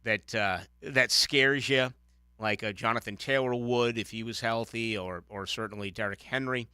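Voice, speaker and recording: A man's voice: medium pitch, clear, resonant tone, no room sound, clean studio sound. A man hosting a sports talk radio show, giving opinionated commentary with frequent restarts. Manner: opinionated, animated, halting restarts.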